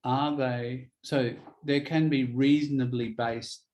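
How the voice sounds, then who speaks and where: A man teaching English in a relaxed one-on-one lesson, explaining ideas patiently and spelling words out. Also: medium pitch, slow, rough recording.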